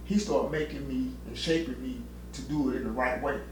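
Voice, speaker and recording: Middle-aged man sharing his testimony, stumbling and repeating, recorded far off in a very roomy space. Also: mid-range voice. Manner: halting, repeats words, heartfelt. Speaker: interviewee giving testimony. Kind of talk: personal testimony interview. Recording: echoey room, distant mic, faint noise.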